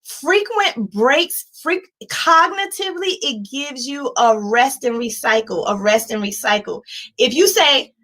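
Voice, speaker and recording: A woman in her forties giving a livestreamed life-coaching talk, emphatic and animated, chanting repeated words and laughing often. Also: sits high, unhurried, rough recording.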